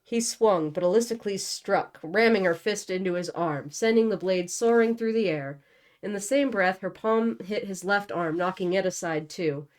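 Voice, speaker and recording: A woman's voice: medium pitch, moderate pace. A young woman reading a novel aloud and breaking off for casual, joking commentary. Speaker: book channel host.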